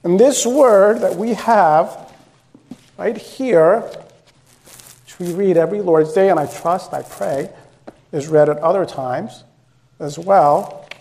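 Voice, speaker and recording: A man's voice: high voice, darkish tone. A male pastor preaching a sermon in a conversational, direct way, repeating phrases for emphasis.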